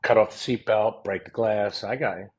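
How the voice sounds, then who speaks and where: Husky-voiced dad on a podcast, dry deadpan jokes. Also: male voice, fairly low pitch, fairly quick. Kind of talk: casual chat.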